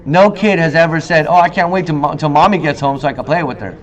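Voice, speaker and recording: A man in his thirties hosting a casual talk show monologue, telling stories with lively acted-out quotes. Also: quick pace. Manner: animated storyteller, acts out quoted lines in a higher voice. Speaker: host. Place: in Korea.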